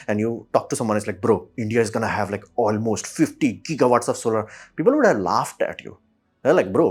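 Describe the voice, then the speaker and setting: A man hosting a casual explainer, talking bluntly in a ranting, sarcastic way with quick asides. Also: mid-range voice. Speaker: host.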